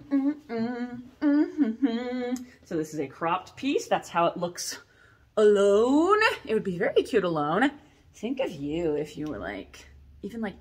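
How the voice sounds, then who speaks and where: A woman in her thirties walks through her corset designs in a casual vlog. She talks in an animated, chatty way, with asides that poke fun at herself, from a workshop under a tin roof. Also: fairly low pitch. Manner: chatty, animated and self-mocking, with asides and laughs. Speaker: corset maker showing her collection. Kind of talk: casual product showcase vlog.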